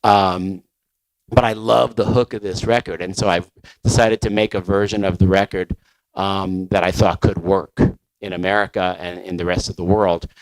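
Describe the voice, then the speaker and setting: Low-voiced man telling his story. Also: steady tone, normal speed, dry recording, rough recording. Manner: conversational with many fillers and restarts. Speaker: record label founder. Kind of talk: conference talk storytelling.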